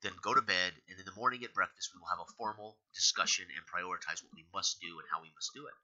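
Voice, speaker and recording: A man's voice: low-pitched, fast talker, bright, forceful tone, exaggerated voice. A man voicing a stern lord of a keep who gives curt commands to his advisors. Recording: dull lo-fi recording.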